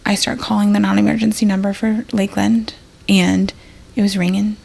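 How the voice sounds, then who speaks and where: Gravelly, husky woman telling a story. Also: mid-range voice, level tone, moderate pace, darkish tone. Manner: rambling, full of fillers and acted-out quotes. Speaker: podcast guest, emergency nurse. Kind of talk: casual storytelling.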